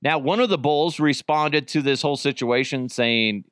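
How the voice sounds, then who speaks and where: A man's voice: a little high, moderate pace, fairly bright tone, clear, resonant tone, dry recording, clean studio sound. Crude joking male podcast host. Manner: crude, joking, self-mocking. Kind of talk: casual solo podcast chat.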